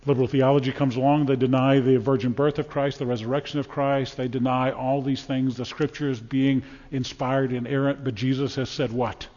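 A man preaching a sermon from the pulpit of a church, emphatic and dramatic, swinging from loud declarations to hushed, solemn lines. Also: mid-range voice, flat delivery, normal speed, few pauses, big-room sound, lo-fi sound. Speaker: pastor. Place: church sanctuary.

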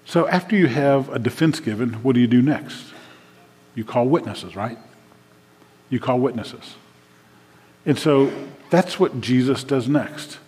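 In a church sanctuary with the long reverb of a church hall, a pastor preaches a sermon in a medium-pitched, slightly mellow voice, a little slow with long pauses. He is conversational and loose at times, then builds to emphatic declarations.

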